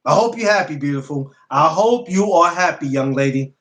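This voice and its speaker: A man's voice: on the high side, normal speed, hardly any pauses. Blunt, profane man hosting a livestream. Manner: repetitive, blunt, profane, animated. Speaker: podcast host. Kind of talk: casual livestream chat.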